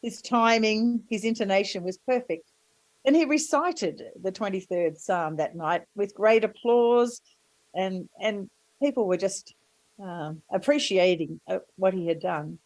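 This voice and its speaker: A woman preaching a sermon and telling stories gently, with warm asides to the congregation. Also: medium pitch, measured pace, no echo, rough recording.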